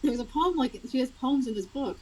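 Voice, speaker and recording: Husky-voiced woman chatting animatedly. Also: high-pitched, fast, poor audio. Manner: chatty and animated, laughing often. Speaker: author guest. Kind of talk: casual interview chat.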